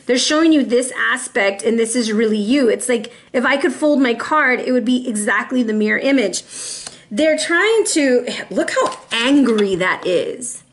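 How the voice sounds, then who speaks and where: Chatty higher-pitched woman reading tarot. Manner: chatty, animated, addresses viewers as y'all. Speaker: tarot reader. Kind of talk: casual tarot reading to camera.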